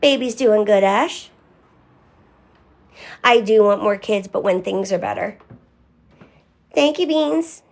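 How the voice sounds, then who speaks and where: A young woman talking candidly on a live stream, answering viewers by name in casual chat. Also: a little high.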